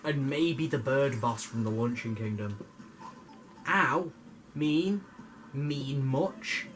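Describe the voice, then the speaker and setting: A man's voice: mid-range voice, expressive, slow pace, fairly bright tone, a little hiss or hum. A young man giving jokey, rambling commentary over his gameplay, stammering and swearing now and then. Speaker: gamer.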